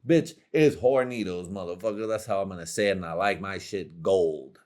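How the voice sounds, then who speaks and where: A young man with a lowish voice rambles through a foul-mouthed comic monologue as host of his own show. He leans on slang and swearing and keeps breaking into laughter. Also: fairly quick, darkish tone. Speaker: podcast host. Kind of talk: crude comedic monologue.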